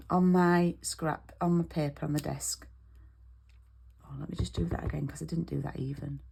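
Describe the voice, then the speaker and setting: A woman's voice: low-pitched, steady tone, moderate pace, gravelly, a little mellow, husky. A British woman demonstrating card making in an online class, chatty and step by step, checking in with "okay?" as she goes.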